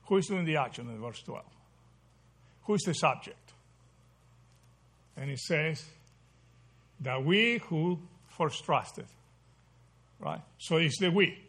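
A man's voice: a little high, a bit bright, husky. A man teaching a Bible study class, asking the group questions and checking in with "right?" as he goes. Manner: asks the group questions, repeats "right?" often.

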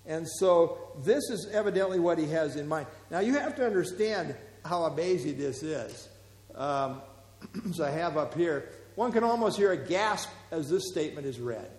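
A man preaching as a pastor, teaching verse by verse in a relaxed, conversational way with fillers and asides. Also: a little high, normal speed. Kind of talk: expository Bible teaching. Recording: echoey hall.

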